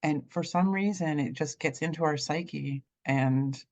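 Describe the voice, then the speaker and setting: A woman hosting a wellness podcast who asks questions in a thoughtful, halting way. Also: low-pitched, a little mellow, highs cut off. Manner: thoughtful, hesitant phrasing with fillers. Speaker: podcast host. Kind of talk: interview questions.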